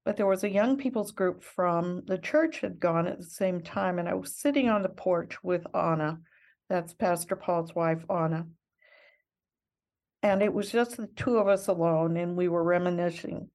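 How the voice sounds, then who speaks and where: A woman's voice: on the low side, normal speed, a little mellow. An older woman, a missionary guest in an interview, telling her story in an earnest, reflective and heartfelt way.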